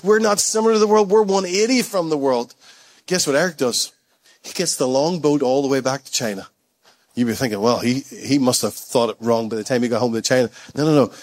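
Guy preaching to his church, kinda high voice, chatty storytelling that gets all worked up. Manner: storytelling, builds up with rising excitement; conversational, calls out to the congregation. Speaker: pastor. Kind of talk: sermon.

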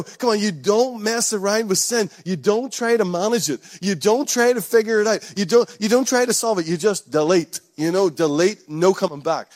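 A man's voice: high-pitched, no room sound, studio quality. A man preaching a sermon to his church with emphatic, repeated rallying calls. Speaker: pastor.

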